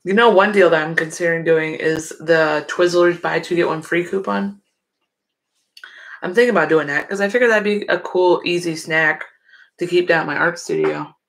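A woman's voice: fairly low pitch, normal speed. Sleepy woman chatting on a livestream. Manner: sleepy, yawning, chatty with viewers. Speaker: livestream host. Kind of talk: casual livestream chat.

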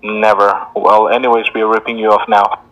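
A man's voice: lowish voice, flat delivery, normal speed, fairly bright tone, muffled recording. Blunt, swearing Indian-accented man. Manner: blunt and combative, swears back at the caller. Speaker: scam caller. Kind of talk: scam phone call.

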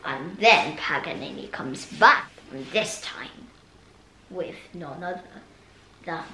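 A woman's voice: low-pitched, lively intonation, slow, sharp tone. Female violinist vlogger, musing practice-room chatter, hesitant delivery; roomy echo, noisy background. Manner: hesitant, musing, with many ums. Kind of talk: thinking aloud during practice. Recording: echoey room with background noise.

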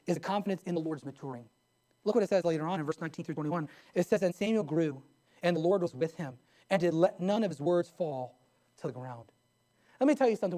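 High-voiced folksy preacher. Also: male voice, warm tone. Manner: folksy storytelling preacher, colloquial grammar. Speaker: pastor. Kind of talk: sermon. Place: church sanctuary.

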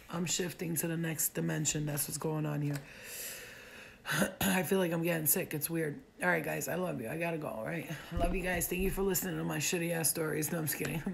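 A woman's voice: deep voice, gravelly, a little hiss or hum. A woman chatting casually on a livestream, rambling and swearing freely, and saying she feels like she is getting sick. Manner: loose, rambling and profane. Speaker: livestream host.

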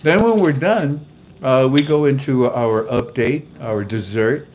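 A man's voice: mid-range voice, measured pace, a little mellow, a little hiss or hum. Jovial older man hosting a livestream. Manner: jovial, greets viewers by name, laughs at own jokes. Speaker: livestream host. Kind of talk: casual livestream chat and prayer.

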